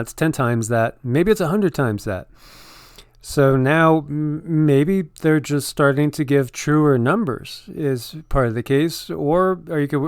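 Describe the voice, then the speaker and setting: A man talks through the news in a loose, meandering way, leaning on "you know" as he goes. His voice is smooth and clear, recorded close and dry with no room sound. He sits at a middling pitch for a man. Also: dry recording. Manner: rambling, filled with "you know" and restarts. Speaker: channel co-host commenting on news. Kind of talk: casual commentary over on-screen news.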